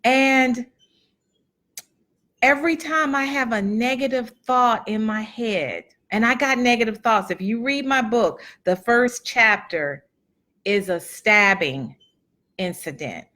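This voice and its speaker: A woman's voice: fairly high pitch, slow, pushed and bright. A middle-aged woman giving a chatty, earnest motivational talk to a live audience, repeating phrases for emphasis and reading out comments from viewers. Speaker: motivational speaker and event host.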